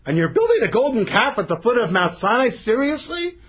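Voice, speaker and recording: A man's voice: very high voice, big pitch swings, fairly quick, fairly bright tone, breathy edge. A man teaching a Torah text-study class, explaining animatedly and dropping Hebrew terms into his English.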